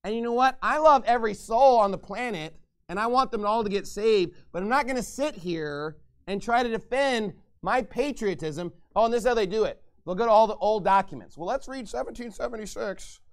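A man preaches from the pulpit in a heated rant, slipping into mocking voices to imitate others. His voice sits high and sounds clean and resonant. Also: lively intonation, brisk, smooth. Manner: ranting, mocking impressions of others. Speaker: pastor. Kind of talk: sermon.

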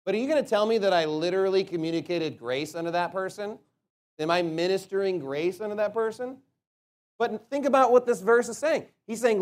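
High-voiced man preaching emphatically. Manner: emphatic, rhetorical questions, slows to stress words. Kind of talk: sermon.

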